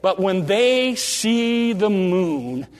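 A man with a high voice preaches in a folksy, animated way, drawing out key phrases and stumbling through quick restarts. His voice rings through a large church with long reverb trailing after each line. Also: noisy background. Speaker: pastor. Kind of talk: sermon. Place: church sanctuary.

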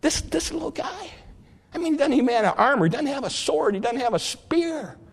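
A man voicing a boastful giant warrior in a sermon, with loud mocking taunts. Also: very high-pitched, animated, fairly quick, voice pushed up. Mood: scornful.

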